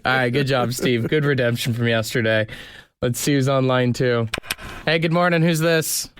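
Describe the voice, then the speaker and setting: A man's voice: mid-range voice, steady tone, normal speed, slight background noise. A man from Canada hosting a morning radio show, upbeat and laughing often as he runs a call-in game. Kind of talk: casual morning radio banter.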